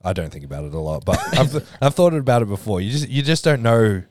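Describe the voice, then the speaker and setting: A man hosting a podcast, chiming in with short comments and quick questions in a casual chat. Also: fairly low pitch, sing-song, darkish tone, no room sound, clean studio sound.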